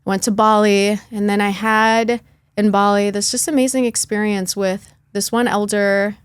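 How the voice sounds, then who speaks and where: A woman in her thirties, a podcast guest telling a personal story in casual conversation, lively and often laughing as she acts out her past thoughts. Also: mid-range voice, moderate pace, smooth, no echo.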